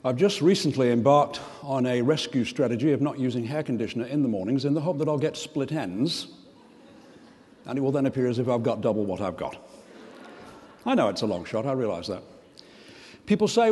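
An older man giving a humorous keynote speech, with a deadpan, self-deprecating delivery. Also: medium pitch, fairly quick, long pauses, big-room sound, a little hiss or hum. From Australia. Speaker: keynote speaker. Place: large conference hall.

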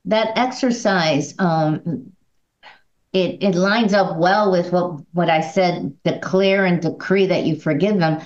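A woman's voice: fairly low pitch, slow, a little mellow. A woman leading a bible study group, talking hesitantly with many restarts. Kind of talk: casual group discussion. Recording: echoey, dull room audio.

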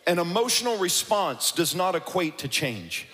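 A male pastor preaching a sermon in an animated way, at times rising to a shout or a sing-song cadence. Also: high-pitched, moderate pace, long reverb tail. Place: church sanctuary.

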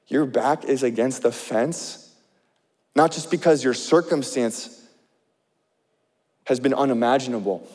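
A male pastor preaching an impassioned sermon, swinging between loud urgent passages and hushed ones. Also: mid-range voice, in a large hall.

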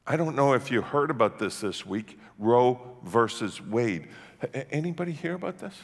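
A man from Canada preaching a sermon as pastor, emphatic and swinging from hushed tones to shouting. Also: medium pitch, animated, moderate pace, vocal fry. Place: church sanctuary. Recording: long church-hall reverb.

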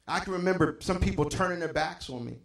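Gravelly pastor preaching in an echoey church. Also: male voice, high voice, animated, fast, a bit bright. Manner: impassioned preaching that drops to near-whispers, repeats phrases for emphasis. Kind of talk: sermon. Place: church sanctuary.

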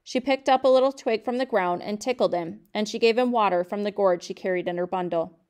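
Woman reading a book out loud, calm and steady, smooth clear voice, mid pitch. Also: brisk. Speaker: reader of a novel. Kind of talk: reading a novel aloud.

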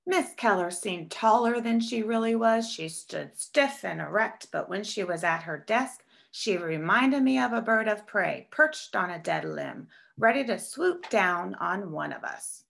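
Gravelly woman reading a picture book aloud. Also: medium pitch, unhurried, few pauses. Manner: expressive storytelling. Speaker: storybook reader.

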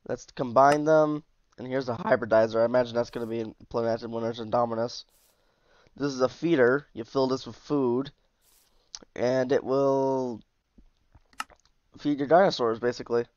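A man's voice: medium pitch, no echo, highs cut off. A man casually commenting as he shows off a game mod, easygoing and chatty, sounding tired. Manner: chatty, easygoing, with asides and trailing off. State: tired, yawning. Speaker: mod reviewer.

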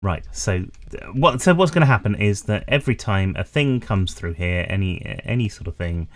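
A man's voice: fairly low pitch, animated, normal speed. A man with a slightly strained voice, rambling casually to his chat as he plays a game. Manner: rambling, chatty, self-deprecating, talks to chat. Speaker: streamer. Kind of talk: casual gameplay commentary.

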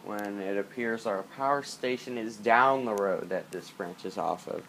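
A man's voice: fairly low pitch, normal speed, gravelly, fairly bright tone, slight background noise. A man talking in a rambling, joking way in a casual late-night vlog, recorded on a tablet's built-in mic at home during a power outage. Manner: rambling, jokey, repeats himself. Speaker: vlogger. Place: dark house during power outage, indoors.

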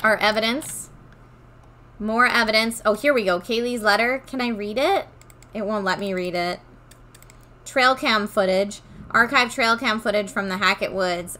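A woman's voice: mid-range voice, normal speed, sharp tone, slight background noise. A woman giving casual, reactive commentary over a video game playthrough, talking back to the screen. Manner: reactive, chatty, talks to the game. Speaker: gaming streamer.

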